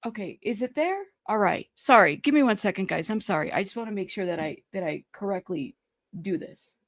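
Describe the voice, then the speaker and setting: A woman chats casually to her live-stream viewers, greeting them by name while fumbling for an email and a screenshot. She sounds upset and distracted, with a gravelly, creaky edge to her voice. The recording is close and dry, with little room sound. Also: medium pitch, lively intonation, fairly quick, dry recording.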